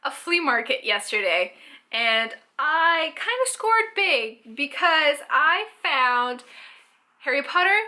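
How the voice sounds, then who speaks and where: A woman's voice: high voice, very animated, slow pace, bright, forceful tone. A young Canadian woman chatting enthusiastically about her book haul in a casual vlog, with lots of fillers. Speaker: book vlogger.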